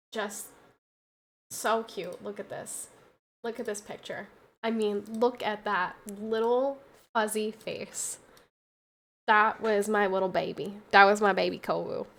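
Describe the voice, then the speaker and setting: A young woman streaming a casual chat, tired and tearful, talking softly with many pauses and restarts. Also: medium pitch, creaky. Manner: soft, halting, full of fillers and restarts.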